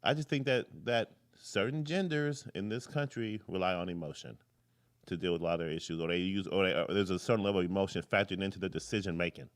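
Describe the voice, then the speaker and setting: A man's voice: low-pitched, fairly even intonation, fast. Rambling man hosting a live political show. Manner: rambling, jumps between tangents, curses freely. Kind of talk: casual live political commentary.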